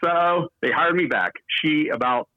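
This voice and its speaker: A man's voice: a little high, measured pace, no room sound, highs cut off. Rambling storytelling radio veteran man. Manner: rambling, salty anecdotes. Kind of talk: storytelling interview.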